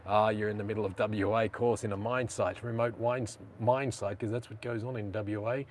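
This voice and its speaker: A man's voice: fairly low pitch, steady tone, a little fast, slight background noise. Chatty Australian man hosting a live stream. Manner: chatty, rambling, slangy. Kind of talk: casual live stream chat.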